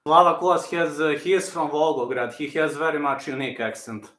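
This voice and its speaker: Hosting his own live stream, a man talks fairly quickly in a fairly high, bright, forward voice. He answers viewers casually and keeps returning to points he's already made, with clear echo from the room.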